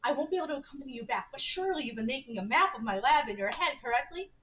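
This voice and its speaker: A clipped, urgent scientist man in a text game, read out by a woman. He speaks formally and in a hurry, giving orders with no time to waste. The voice sits fairly high for a man. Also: expressive, racing, fairly bright tone, rough recording. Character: brisk brainy older male scientist.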